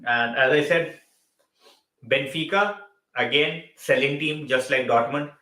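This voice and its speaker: A man's voice: medium pitch, measured pace, pushed and bright, roomy sound, rough recording. Man mixing Hindi and on a stream. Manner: switches between Hindi and English mid-sentence, repeats phrases. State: tired and yawning late at night. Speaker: football channel host. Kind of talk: live stream football chat.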